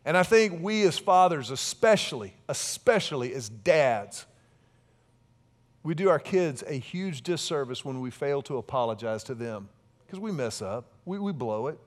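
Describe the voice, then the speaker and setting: A middle-aged man preaching a sermon in a conversational way, with asides and big swings between loud and soft. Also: on the high side, lively intonation, moderate pace. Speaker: pastor.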